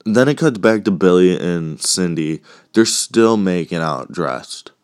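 A man's voice: deep voice, expressive, unhurried, no room sound, clean studio sound. A man casually recapping a movie between coughs, rambling, joking and swearing as he goes.

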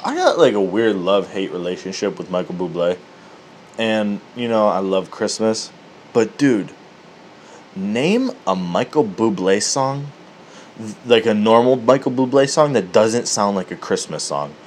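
A man spins a comedic story, cursing freely and breaking into laughter. His pitch swings widely while the pace stays unhurried and drawn out. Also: a little hiss or hum. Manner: animated, profane, laughing at his own story.

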